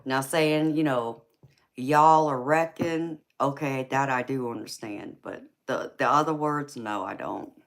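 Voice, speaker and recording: A woman's voice: rumbling low, measured pace, few pauses, a bit bright. A woman with a Georgia Southern accent chats easily with her viewers, laughing often. She calls them honey and girlfriend and keeps a friendly, talkative flow. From California. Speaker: livestream tarot reader. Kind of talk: casual live-stream chat with viewers.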